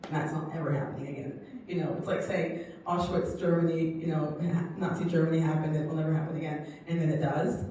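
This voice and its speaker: A woman in her fifties from England, giving an earnest, emotional personal testimony as a guest speaker, with frequent laughs and halting restarts. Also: deep voice, level tone, dark tone. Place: community hall. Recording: echoey hall, distant mic, faint noise.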